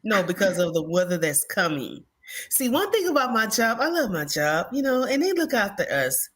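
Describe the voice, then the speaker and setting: A woman's voice: medium pitch, sing-song, moderate pace, husky. A woman co-hosting a casual chat, talking in a chatty, teasing way.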